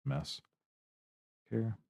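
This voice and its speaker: A man's voice: very slow, a little mellow, no echo, studio quality. A man streaming his hobby sculpting, talking to himself in short, casual remarks as he works. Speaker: miniature terrain sculptor streaming his work. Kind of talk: casual running commentary while working.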